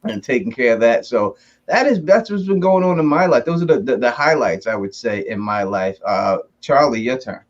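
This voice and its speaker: A man hosting a casual video chat, animated and joking, laughing often. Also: medium pitch, normal speed, muffled recording. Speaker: host.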